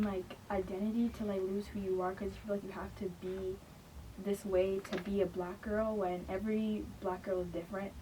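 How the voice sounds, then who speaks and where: A woman's voice: mid-range voice, mellow. A teenage girl in a group discussion, speaking earnestly and filling with "like". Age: teens. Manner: earnest, lots of "like". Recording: distant mic, faint noise.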